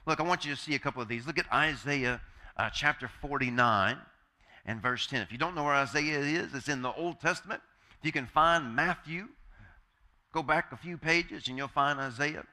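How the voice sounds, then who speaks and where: A man's voice: medium pitch, normal speed, pushed and bright. A man preaching a sermon as pastor, emphatic and repeating key phrases, asking the congregation call-and-response questions.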